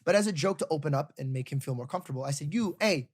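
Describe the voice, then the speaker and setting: A man, a comedian and podcast co-host, telling stories in casual chat, animated and acting out the people he quotes. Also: a little high, very fast, very noisy. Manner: animated, acts out quotes, swears freely.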